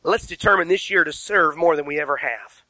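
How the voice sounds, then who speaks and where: Bright-voiced preaching pastor. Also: male voice, on the high side, a little fast, dry recording, low-quality recording. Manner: emphatic preaching with rhetorical questions, spells words out. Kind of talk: sermon. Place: church sanctuary.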